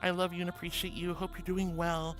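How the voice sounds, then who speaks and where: A woman's voice: on the low side, flat delivery, a little fast, soft background music. A woman VTuber streamer in casual live-stream chat, playful and affectionate, giggling as she greets viewers and reads their messages aloud.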